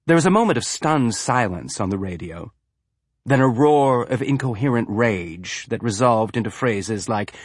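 A man narrating an audiobook with an even, measured reading. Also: lowish voice, husky, dry recording, studio quality.

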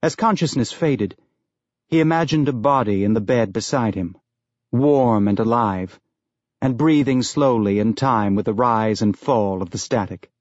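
A man narrating an audiobook in a measured, even storytelling manner. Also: mid-range voice, dry recording, dull audio. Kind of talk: scripted narration.

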